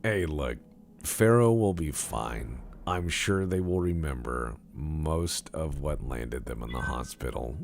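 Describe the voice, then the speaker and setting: Man, game streamer, deep gravelly voice, lively ups and downs, rambling jokes. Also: slow, faint music behind. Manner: rambling, joking and mock-serious. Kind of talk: casual game-stream commentary.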